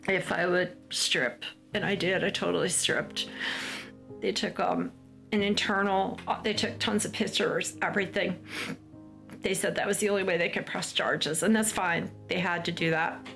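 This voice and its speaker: With faint music behind her, a woman from the United States relates a personal ordeal in a documentary interview, acting out the words others spoke. Her voice is on the low side, creaky and a bit bright, at a moderate pace.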